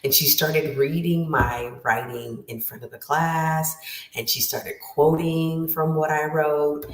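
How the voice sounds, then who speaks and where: A woman's voice: low voice, a bit bright. A woman writing coach giving an emphatic motivational lesson, repeating her key phrases. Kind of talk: motivational teaching talk. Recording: roomy, distant from the mic.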